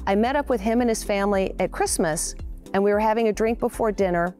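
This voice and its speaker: A woman in her sixties sits for a television interview and tells personal stories openly. She acts out the people she quotes with lively voices, and her own speaking pitch sits mid-range. Soft music plays faintly underneath. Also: fast talker. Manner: candid and animated, acts out quoted dialogue. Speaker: interview guest. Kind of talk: conversational storytelling.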